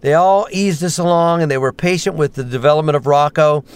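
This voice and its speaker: Guy spinning stories, voice actor vibe, kinda high voice, jumps into impressions. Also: clean tone. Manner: lively storyteller, quick jumps into character voices. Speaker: voice actor and stand-up comedian. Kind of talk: animated anecdotes with voice impressions.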